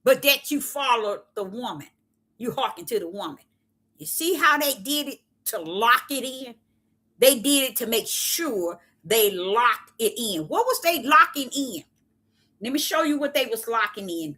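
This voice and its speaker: A woman's voice: fairly high pitch, expressive, measured pace, pushed and bright. A woman giving an impassioned Bible teaching, with an emphatic, repetitive preacher's cadence and many rhetorical questions. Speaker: self-styled prophetess preaching.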